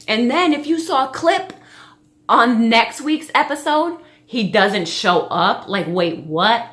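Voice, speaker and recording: A woman's voice: on the high side, animated, slow pace, fairly bright tone. A young adult woman casually recapping a reality show, chatty and gushing, with lots of fillers.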